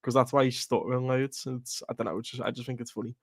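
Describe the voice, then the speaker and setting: A man's voice: medium pitch, fairly even intonation, fast, vocal fry, no echo, studio quality. A man hosting a live football watchalong stream, ranting bluntly with swearing and laughter. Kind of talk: casual live stream chat.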